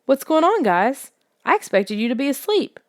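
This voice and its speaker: A woman's voice: high voice, sing-song, moderate pace, no room sound, studio quality, voice pushed up. A woman reading the lines of a father in an audiobook, friendly and questioning. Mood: puzzled. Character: father, a man with a camera. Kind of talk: audiobook character voice.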